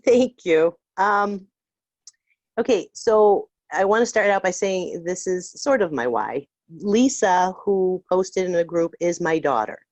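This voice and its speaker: A woman's voice: on the low side, expressive, slow, darkish tone, no echo. An older woman, a grandmother, calling in to a group call and speaking in a heartfelt, earnest way. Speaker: caller. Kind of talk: casual group call talk. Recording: dull lo-fi call audio.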